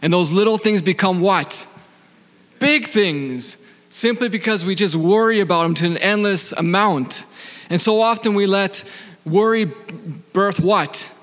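Higher-voiced man preaching in a hall. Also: a bit bright. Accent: non-native accent. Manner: asks the audience questions and answers them; reads scripture slowly. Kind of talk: sermon.

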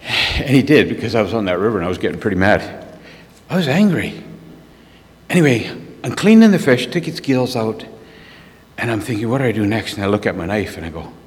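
Lively storytelling preacher man in hall. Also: fairly low pitch, fairly quick, pauses often. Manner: animated storyteller who laughs at himself. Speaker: preacher sharing a testimony. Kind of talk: storytelling sermon. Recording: long reverb of a large hall.

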